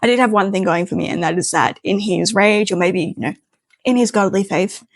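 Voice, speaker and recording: A young woman tells a wild personal story in a chatty, animated way and slips into the voices of the people in it. Her voice sits at a middle pitch. The sound is dry and close, with no room echo. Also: a little fast. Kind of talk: casual storytime narration.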